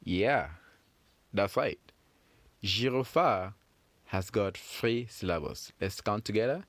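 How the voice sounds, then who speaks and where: A man teaching French phonics to children in a patient, encouraging way, repeating sounds slowly. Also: fairly low pitch, fairly bright tone, dry recording. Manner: slow, patient, encouraging, drawn-out repetitions.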